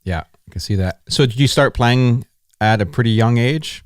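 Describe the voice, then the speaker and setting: A man's voice: medium pitch, moderate pace, no echo, studio quality. A man hosting a podcast interview, asking casual questions and cheering on his guest. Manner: enthusiastic, affirming interviewer. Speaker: podcast host.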